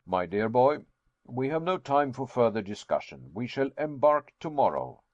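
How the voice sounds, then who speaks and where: A man's voice: mid-range voice, big pitch swings, normal speed, no echo, highs cut off, lightly acted. A man voicing a confident, learned older professor who lectures emphatically. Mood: lecturing.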